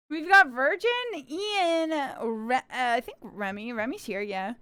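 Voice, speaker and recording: Giggly high-voiced young woman streamer. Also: pushed and bright, no echo. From Canada. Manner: giggly, bubbly, chatting with viewers. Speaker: livestreamer. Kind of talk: casual livestream chat.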